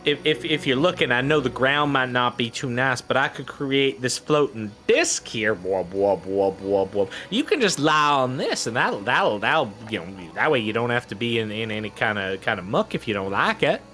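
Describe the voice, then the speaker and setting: A man's voice: mid-range voice, sing-song, normal speed, few pauses, bright, forceful tone. A man voicing a chatty, folksy male halfling with a Southern accent who rambles and fills his talk with fillers. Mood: folksy helpful.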